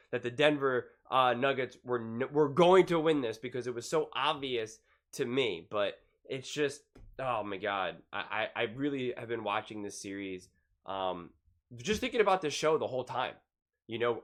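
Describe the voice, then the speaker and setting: A man's voice: medium pitch, lively intonation, normal speed, fairly bright tone. A man giving online sports reaction commentary in an exasperated, ranting way.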